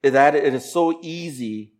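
A man preaching as a pastor, moving from slow, emphatic scripture reading into a chatty, laughing personal story. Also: fairly high pitch. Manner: conversational, animated storytelling with laughs and quoted voices.

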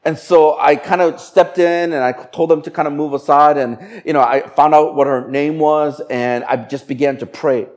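A male pastor telling a story in a sermon, animated and swinging between raised and hushed delivery. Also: on the high side, normal speed, few pauses.

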